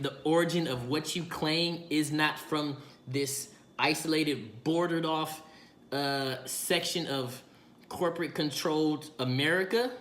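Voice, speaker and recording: Dude going off on politics, slangy, keeps asking "right?", roomy echo and a little hiss. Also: male voice, mid-range voice, a bit bright. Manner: emphatic, rhetorical questions, slangy. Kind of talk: casual political rant. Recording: echoey room with faint noise.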